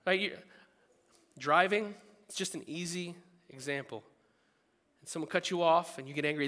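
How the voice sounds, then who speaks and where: Guy preaching, bright forceful voice, kinda high, jumps loud when he acts stuff out. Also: brisk, big-room sound. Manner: animated, acts out quoted thoughts with sudden loud bursts. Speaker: pastor. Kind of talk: sermon.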